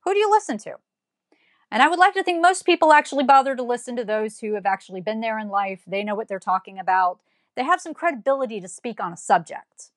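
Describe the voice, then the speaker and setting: Woman ranting straight to camera, kinda high voice, dry close sound, keeps asking pointed questions. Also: quick pace, dry recording. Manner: emphatic, fires rhetorical questions; blunt and scolding. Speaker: commentator. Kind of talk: opinion monologue.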